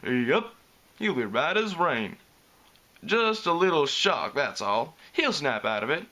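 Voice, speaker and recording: A man voicing a big, easygoing country stallion with a slow rural drawl. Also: on the high side, sing-song, pushed and bright, full character voice.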